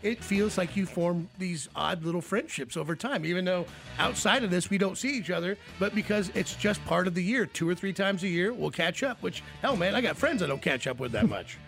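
A man hosting a radio show with a rough, gravelly voice, chatting in a friendly, joking way. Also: high-pitched, expressive, fairly quick, fairly bright tone, soft background music. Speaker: radio host. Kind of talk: casual radio interview chat.

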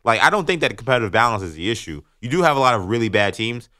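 A man filling in as a sports talk radio host, breaking down the league in a lively, joking way. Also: mid-range voice, rapid-fire, no room sound, studio quality. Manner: animated, mocking, laughs often.

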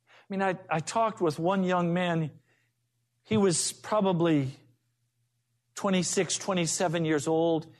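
A man preaching a sermon as a pastor, telling folksy stories to make his point. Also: sits high.

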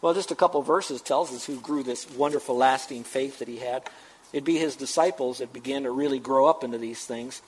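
A man's voice: medium pitch, fairly quick, husky, low-quality recording. A man preaching a sermon as pastor, emphatic and full of rhetorical questions to his congregation.

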